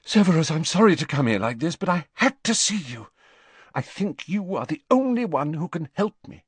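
Man doing a nervous pleading posh lady, voice pushed up high, hushed and urgent. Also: big pitch swings, moderate pace, slightly rough, dry recording. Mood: anxious. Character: anxious, desperate aristocratic woman.

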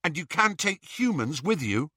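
A man's voice: on the high side, very animated, normal speed, pushed and bright, slightly rough, no room sound, studio quality, pitched above the performer's own voice, exaggerated voice. A man playing an urgent teenage boy. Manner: urgent, whispering and pleading.

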